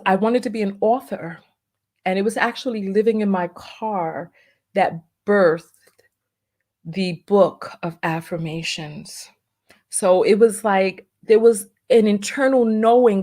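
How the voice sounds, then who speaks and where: A woman's voice: mid-range voice, darkish tone. Emotional woman holding back tears. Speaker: vlogger and entrepreneur. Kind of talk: emotional personal vlog.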